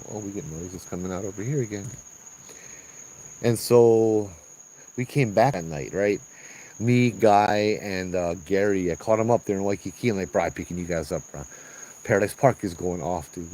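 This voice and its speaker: A middle-aged man with a Hawaiian accent, telling ghost stories on location outdoors in a casual, animated way, acting out sounds and voices and saying "bro". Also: lowish voice, low-quality recording. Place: outdoors at a trail at night. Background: crickets and insects.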